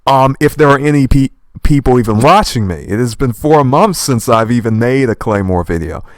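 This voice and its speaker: A young man with a slight lisp rambling in animated commentary while reading a manga aloud, dropping in old-fashioned verb endings. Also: medium pitch, no room sound. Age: young adult. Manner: animated, fast and passionate talker.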